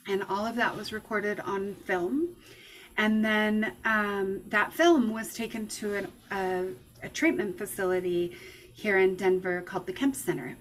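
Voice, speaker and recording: A woman's voice: medium pitch, fairly even intonation, unhurried, slight background noise, rough recording. Emotional woman telling her story. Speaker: lecturer. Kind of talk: personal testimony talk.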